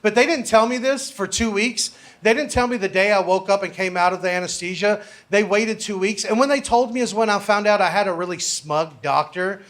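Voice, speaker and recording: Young male stand-up comic, higher voice, brash profane storyteller. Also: fairly quick, hardly any pauses, fairly bright tone. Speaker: stand-up comedian. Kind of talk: stand-up comedy set.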